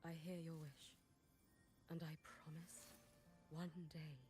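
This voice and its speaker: Hiyuki, a solemn shrine maiden. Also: female voice, deep voice, flat delivery, slow, breathy edge, soft background music, full character voice. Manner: formal, soft-spoken.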